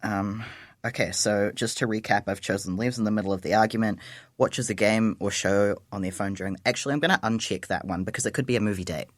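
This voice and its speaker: A young adult man, co-hosting a casual radio chat, talkative and quick to question the quiz answers. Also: on the low side, no echo, clean studio sound. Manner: chatty, questions and talks over quiz answers. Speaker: radio co-host. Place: radio studio.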